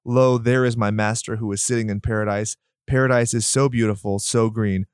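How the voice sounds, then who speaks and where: Man, casual movie chat, excitable, swears a lot, dry close sound. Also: lowish voice, fairly quick, clear, resonant tone, no room sound. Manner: excitable, swears, gets loud when ranting. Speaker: podcast co-host.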